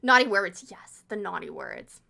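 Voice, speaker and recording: A woman's voice: medium pitch, big pitch swings, normal speed, vocal fry, bright, forceful tone. A French-Canadian woman from Montreal with a Quebec French accent, chatting casually on a live stream, laughing often and reading chat messages aloud.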